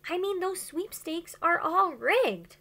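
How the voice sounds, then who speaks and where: Rich: A woman reading aloud as a fretful, worried mother whose voice leaps high and bright, swinging widely between pleading notes. Storybook reading. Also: lively intonation, slow pace, heavily acted. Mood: gently insistent. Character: anxious, fretful middle-aged mother.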